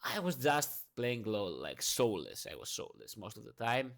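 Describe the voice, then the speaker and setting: A man who is not a native English speaker, giving an unscripted morning rant, emphatic and profane, with many fillers and restarts, swinging between loud and soft. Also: fairly low pitch, very animated, moderate pace, creaky. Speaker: vlogger.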